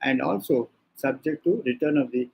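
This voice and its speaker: An older man with an Indian English accent giving a law lecture. He dictates points slowly, repeats them and answers his own questions. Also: medium pitch, gravelly, darkish tone, husky, rough recording. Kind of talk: classroom lecture.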